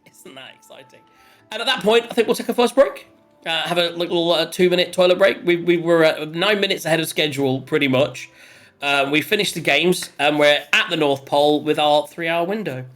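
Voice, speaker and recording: A man's voice: on the high side, fairly quick, a bit bright, faint music behind. A man narrating as game master, stammering and chatty.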